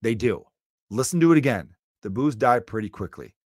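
On his solo podcast, a Chicago comedian goes on an emphatic rant packed with strong opinions. His mid-range voice is lively in intonation and brisk. The recording is dry and clean, studio quality.

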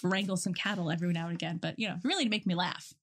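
A podcast co-host with a fairly low voice talks very fast in a casual recap of a TV episode. She retells scenes and keeps restarting her sentences.

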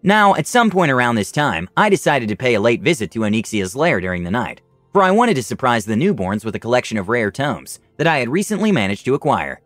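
A man's voice: mid-range voice, fairly quick, no room sound, faint music behind. A man narrating a first-person fantasy story in a dramatic storytelling manner. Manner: dramatic storytelling, lively rise and fall.

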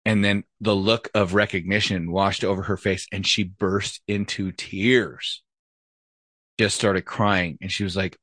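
A man's voice: sits low, fairly even intonation, measured pace, fairly bright tone, no room sound. A man, a former police officer, telling a story from his career in a blunt, profane, casual way. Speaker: retired police officer, podcast host.

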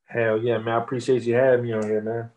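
A man's voice: mid-range voice, flat delivery, quick pace, a little mellow. A man, a rapper telling stories loosely with lots of swearing and fillers. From Texas. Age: 30s. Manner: loose, profane storytelling with many fillers. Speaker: rapper guest. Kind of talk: casual interview.

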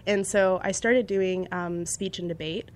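A woman's voice: fairly low pitch, unhurried, a little hiss or hum. A young woman chatting casually about her creative background and telling stories with lots of energy. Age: young adult. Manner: chatty, animated storytelling with frequent laughs. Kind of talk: casual chat.

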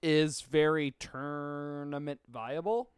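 A man's voice: fairly high pitch, fairly even intonation, slow, clear, resonant tone, dry recording, studio quality. A man co-hosting a podcast, chatting casually about a fighting game in short, easygoing replies. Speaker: podcast co-host. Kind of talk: casual gaming chat.

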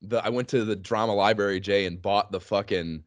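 A man co-hosting a casual gaming podcast, animated and laughing often as he tells stories. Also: lowish voice, a little fast, no echo. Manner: animated, laughing, swearing freely. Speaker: podcast co-host.

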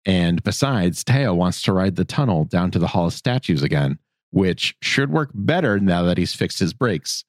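Male podcast co-host, low and animated, dry close mic, playful recapper. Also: no echo. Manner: animated, puts on silly voices for characters. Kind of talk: casual recap chat.

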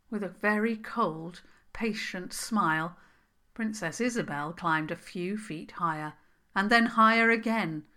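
Slow, bright-toned woman storyteller. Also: fairly low pitch. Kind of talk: scripted storybook narration.

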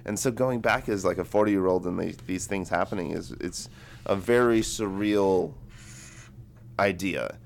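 A man's voice: low voice, measured pace, vocal fry, a little hiss or hum. A man in his twenties co-hosting a book podcast, rambling casually with lots of filler words. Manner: rambling, heavy use of "like". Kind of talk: casual chat.

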